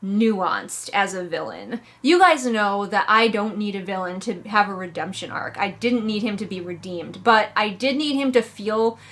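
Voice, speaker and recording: A woman casually reviewing a book she has read, talking in an animated way and jumping up in pitch for emphasis. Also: moderate pace, hardly any pauses.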